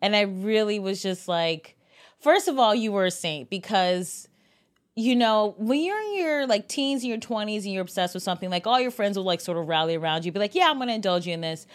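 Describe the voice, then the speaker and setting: A woman's voice: mid-range voice, brisk. A woman co-hosting a podcast, telling stories with frequent laughter and casual swearing. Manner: lively storyteller, laughs often, swears casually. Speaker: podcast co-host. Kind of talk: casual chat.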